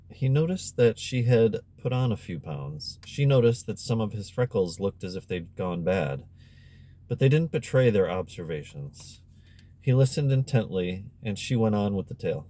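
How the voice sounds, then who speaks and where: A man reading a novel aloud as an audiobook narrator, measured and expressive. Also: low-pitched, slight background noise. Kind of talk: scripted narration.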